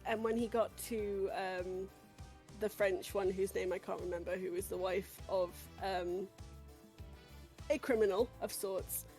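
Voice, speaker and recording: A woman's voice: medium pitch, darkish tone. Woman co-host, hesitant and um-filled, casual stream chat over faint game music.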